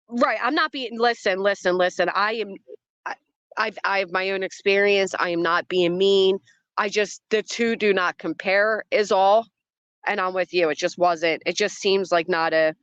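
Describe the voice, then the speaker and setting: The lo-fi, echo-free audio captures a woman with a mid-range, fairly bright voice running a commentary livestream. She greets chatters, reacts to a clip, and argues against what she hears, picking it apart skeptically.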